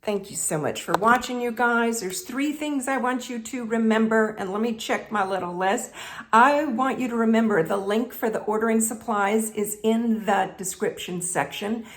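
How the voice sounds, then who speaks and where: A woman's voice: fairly high pitch, normal speed. A woman with a Southern US accent hosting a chatty craft tutorial, talking straight to her viewers in a folksy way. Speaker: craft video host.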